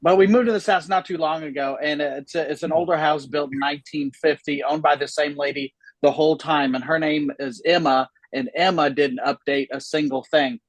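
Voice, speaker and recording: A man's voice: on the high side, fairly even intonation, a little fast, hardly any pauses, no room sound, low-quality recording. A man in his thirties doing a chatty, self-deprecating stand-up set from home on a video call, often laughing at his own jokes. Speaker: stand-up comedian. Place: home room, a former salon.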